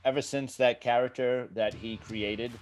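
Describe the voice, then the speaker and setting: A man who is a comedian, guesting on a podcast; he talks in an animated, jokey way. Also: mid-range voice, a little slow. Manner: animated, jokey, breaks into voices. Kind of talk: casual chat.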